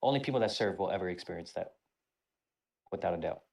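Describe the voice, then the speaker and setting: Brief: male podcast co-host, animated and profane, casual storytelling. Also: sits low, quick pace, vocal fry.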